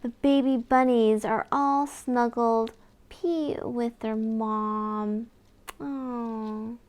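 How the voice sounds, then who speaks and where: A woman reading a picture book aloud to young children in a gentle, sing-song way, with little gasps and questions to the listener. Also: a little high, fairly even intonation, slow, smooth.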